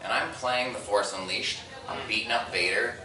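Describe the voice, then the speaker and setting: Crowd noise accompanies a fairly low-pitched man speaking at normal speed during his stand-up set on a convention stage. In his thirties, he tells stories full of acted-out quotes and laughs at his own material, while the distant mic picks up an echoey, noisy room.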